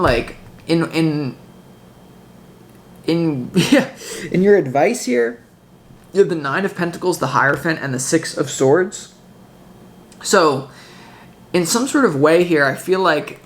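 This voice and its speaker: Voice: mid-range voice, a bit bright, a little hiss or hum. A tarot reader talking casually, rambling with intense emphasis, lots of fillers, restarts and the odd curse. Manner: swearing, emphatic.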